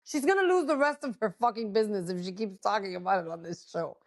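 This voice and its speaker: A woman's voice: medium pitch, fast. A woman co-hosting a podcast, chatting casually and gossiping with lots of profanity, slipping Spanish words into her English. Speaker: podcast co-host. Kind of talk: casual chat.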